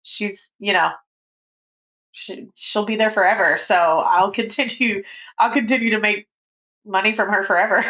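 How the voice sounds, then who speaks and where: A woman's voice: mid-range voice, steady tone, moderate pace, sharp tone, dull audio. A woman in her forties, a podcast guest in casual interview chat who talks freely and laughs often.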